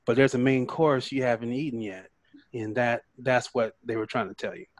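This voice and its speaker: A man speaks up in a group call with a quick, offhand point. His delivery stays level and flat, and the sound is dry and close. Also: medium pitch, no echo. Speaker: study group participant. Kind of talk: casual group discussion.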